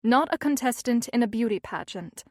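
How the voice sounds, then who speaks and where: A woman's voice: on the high side, animated, normal speed, a little mellow, no room sound, clean studio sound. A woman voicing a young, devoted mother who speaks firmly and defensively. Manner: firm, defensive.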